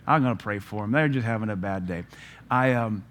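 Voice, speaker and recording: A man preaching a sermon, firing off rhetorical questions and telling stories with lively energy. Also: on the low side, fairly quick. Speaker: pastor.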